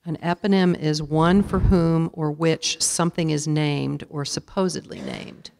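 Acting as pronouncer at a spelling bee, a woman with a deep, low voice says each word clearly, more than once, then gives its definition and a sample sentence. Her delivery is formal, measured and even, with a large hall's long reverb and slight background noise.

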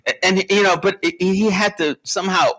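A male author telling a story in a live onstage conversation, halting with many restarts and laughing as he goes. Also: high voice, fairly even intonation, pushed and bright, husky. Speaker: author guest. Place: library stage before an audience.

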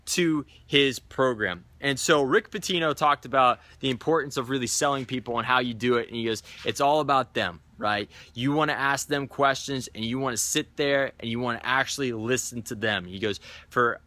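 A man's voice: mid-range voice, moderate pace, few pauses, pushed and bright, no echo. A man, a sales trainer, telling a coaching story in a daily video, animatedly acting out what people said.

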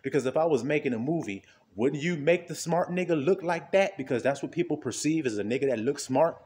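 A man preaching an informal sermon in a conversational way, asking rhetorical questions and often laughing, swinging between low murmurs and high exclamations. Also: expressive, brisk, a little mellow.

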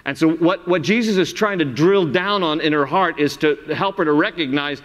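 A man preaching a sermon as pastor, telling the story in an animated way and acting out the voices. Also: a little high, moderate pace, few pauses. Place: large church sanctuary. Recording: reverberant church sanctuary.

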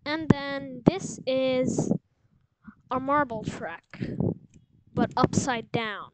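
A woman talks through a game walkthrough at an unhurried, drawn-out pace, her voice sitting slightly high. She rambles, second-guesses herself and fills gaps with ums. Loud noise and clicking run under the recording. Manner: rambling, unsure, many fillers. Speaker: game guide host. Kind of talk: casual gameplay walkthrough.

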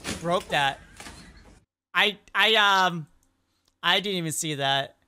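A woman's voice: lowish voice, slow pace, smooth. A young woman hosting a reaction video, chatting casually and exclaiming at funny clips. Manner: animated, exclaiming and questioning clips.

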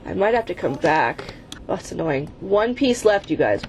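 A woman's voice: medium pitch, very animated, unhurried, a little hiss or hum. A woman hosting her own gaming channel, giving let's play commentary while she plays, exasperated and swearing at the game, often chanting the same urging words over and over. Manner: chants repeated urging phrases.

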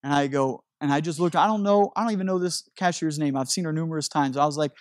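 A man's voice: a little high, fast talker, hardly any pauses, no room sound, clean studio sound. A man preaching a sermon as a pastor, telling a story animatedly with frequent restarts.

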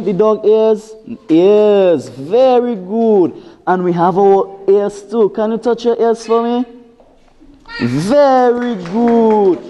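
A Barbadian woman caregiver leading play exercises with toddlers, giving slow, patient, repeated praise. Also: medium pitch, mellow, highs cut off. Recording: echoey room with faint noise.

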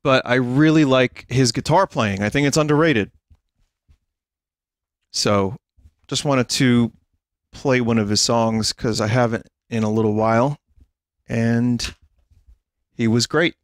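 A man streaming to his chat, talking slowly and in an unhurried way, with frequent bursts of laughter as he reads down a list. His voice sounds close and dry, with a mid pitch. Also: no echo. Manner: amused, laughs often while reading a list aloud. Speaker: livestream host.

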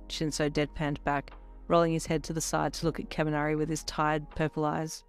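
A reader narrating a second-person fan fiction story in a gentle, even manner. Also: mid-range voice, fairly quick, clear, resonant tone, soft background music.

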